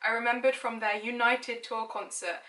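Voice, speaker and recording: A woman's voice: fairly high pitch, flat delivery, normal speed, bright, forceful tone, far from the mic. A woman in her late twenties, chatty and self-mocking, reading her childhood diary aloud and giggling now and then. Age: late 20s. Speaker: lifestyle blogger. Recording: echoey room, mic set back.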